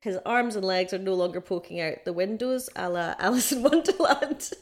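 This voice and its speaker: A pregnant woman co-hosting a casual podcast, telling animated stories and laughing often. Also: mid-range voice, normal speed. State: six months pregnant. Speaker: co-host.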